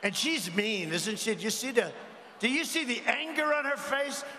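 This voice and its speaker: At a large indoor arena rally, a man gives a rambling campaign speech from a podium, tossing mocking asides to the crowd. His very high, bright voice is forceful at normal speed, and the echoey hall carries faint ambience and slight background noise.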